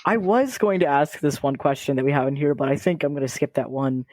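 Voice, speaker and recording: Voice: medium pitch, fairly quick, darkish tone, dry recording, studio quality. A co-host of a casual podcast, chatty and giggly while asking the questions.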